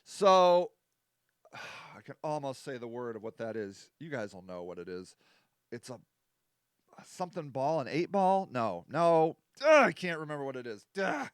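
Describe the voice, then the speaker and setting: A man's voice: mid-range voice, very animated, a little slow, clean tone, dry recording, studio quality. A man hosting a casual live stream, rambling through the talk with many fillers and poking fun at himself as he reads out viewer comments. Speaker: host.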